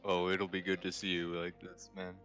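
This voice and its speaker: A man's voice: sits low, completely flat delivery, normal speed, a bit bright, faint music behind. A man chatting casually with a friend over voice chat, asking questions and laughing often.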